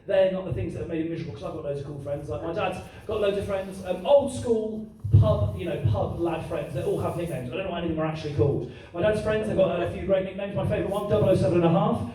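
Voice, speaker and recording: A man performing a stand-up comedy routine, telling stories with heavy swearing to a live audience. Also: sits high. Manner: animated storytelling, heavy swearing. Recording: echoey room, mic at a distance, audience noise.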